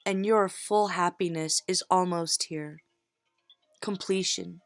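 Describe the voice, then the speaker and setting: A woman's voice: on the low side, steady tone, slow pace, dry recording, soft background music. A middle-aged woman reading tarot cards, talking casually and encouragingly straight to her viewers. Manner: warm encouraging pep talk, direct address. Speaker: tarot reader.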